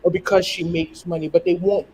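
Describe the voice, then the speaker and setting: American accent, slightly high voice, measured and thoughtful, faint background noise. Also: male voice, little pitch movement, darkish tone, poor audio. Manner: thoughtful, measured, repeats words while forming points. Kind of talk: casual discussion.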